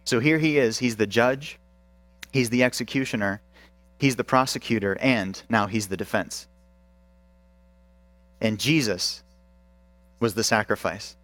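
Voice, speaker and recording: A man's voice: fairly low pitch, measured pace, long pauses, a bit bright, no room sound. A male pastor preaching a sermon with emphasis, asking the congregation questions.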